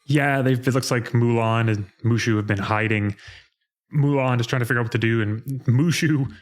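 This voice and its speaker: Chatting casually on a podcast he co-hosts, a man goes over a game he played, acting out quotes with laughter. He speaks at medium pitch and normal speed in a steady tone.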